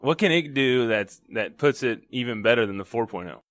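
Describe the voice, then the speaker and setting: A man's voice: mid-range voice, expressive, brisk, fairly bright tone. A man hosting a podcast, asking questions in an easygoing, casual way. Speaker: podcast host. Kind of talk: casual interview chat.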